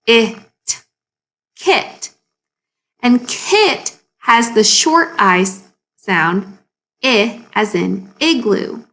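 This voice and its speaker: A woman teaching a phonics lesson to young children, sounding words out slowly and asking the class encouraging questions. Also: a little high, gravelly, fairly bright tone. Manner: slow, exaggerated sounding out of words.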